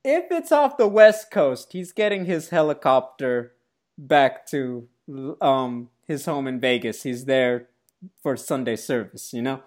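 A woman co-hosting a casual sports podcast, chatting in a playful, joking, animated way. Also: extremely low pitch, unhurried. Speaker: podcast co-host.

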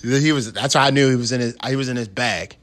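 A man in casual chat, telling a long story in animated slang and laughing often. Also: mid-range voice, fast talker.

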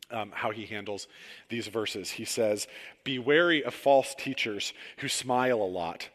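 A man's voice: mid-range voice, fairly bright tone, in a large hall. A man in his thirties preaching a sermon in a conversational, emphatic way, with self-deprecating asides. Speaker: pastor.

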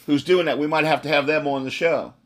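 A man's voice: on the high side, steady tone, brisk, a bit bright. A man with a slight Southern drawl hosting an interview podcast, effusive and playful, often repeating words as he talks. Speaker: podcast host. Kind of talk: casual interview chat.

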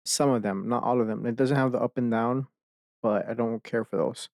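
A man's voice: mid-range voice, moderate pace, darkish tone, dry recording. A man hosting a casual solo podcast from his desk at home, talking into a desk microphone, rambling, swearing a lot and laughing mid-sentence. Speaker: podcast host.

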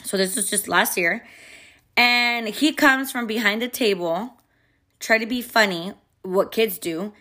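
A young woman and mother telling a personal story in a candid, expressive way, swearing freely. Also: mid-range voice, a little slow. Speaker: vlogger and mother. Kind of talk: casual storytime.

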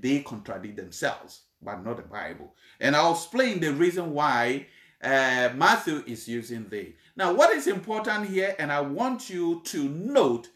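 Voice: medium pitch, a bit bright, echoey room. A preacher explaining a Bible passage in a sermon, repeating points and checking in with the congregation.

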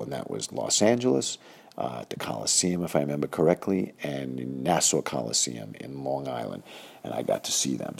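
Very deep, gravelly, husky man. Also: a little mellow. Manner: rambling, full of uh and um, acts out quoted people. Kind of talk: casual personal storytelling.

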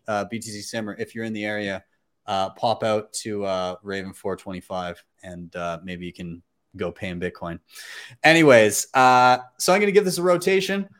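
A man hosting a casual livestream conversation, relaxed and laughing, with lots of fillers. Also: mid-range voice. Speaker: host.

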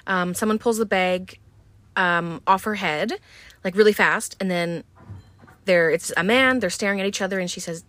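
A woman's voice: fairly low pitch, brisk, fairly bright tone. A woman hosting a podcast who recaps a film in a chatty, casual way, recording on a boat and filling her talk with um and like. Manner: chatty, many fillers like um and like. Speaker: podcast host.

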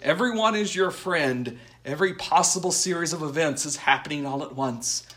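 A man putting on a vague made-up accent to voice a scheming, smooth-talking middle-aged male lord in a podcast recap. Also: a little high, fairly bright tone, natural voice. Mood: rambling. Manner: vague put-on accent, hurried and uneven.

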